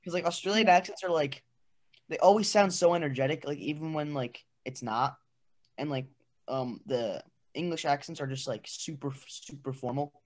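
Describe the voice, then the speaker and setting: A man's voice: on the high side, normal speed. A teenage boy co-hosting a student podcast, talking casually and hesitantly with many fillers. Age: teens. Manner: hesitant, filler-heavy, reluctant to perform. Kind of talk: casual chat.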